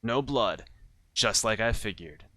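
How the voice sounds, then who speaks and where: A man doing a gruff Southern noir detective. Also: on the low side, expressive, measured pace, pushed and bright, dry recording. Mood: wry. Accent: put-on Southern US drawl. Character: tough hard-drinking noir private detective.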